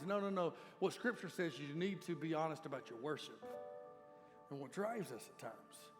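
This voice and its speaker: High-voiced pastor preaching. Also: male voice, expressive, moderate pace. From Georgia, USA. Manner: emphatic, conversational preaching with sudden loud peaks. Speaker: lead pastor. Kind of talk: sermon. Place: church sanctuary. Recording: long reverb of a church hall with faint music.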